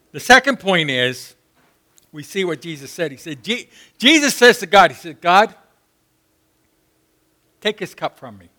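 A man preaching a sermon, impassioned and rising to shouts when he acts out prayers. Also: high voice, sing-song, takes it slowly, long pauses. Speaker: pastor.

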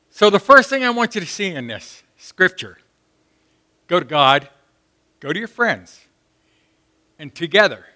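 A man preaching a sermon, impassioned and rising to shouts when he acts out prayers. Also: sits high, very animated, a little slow, pauses often. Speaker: pastor.

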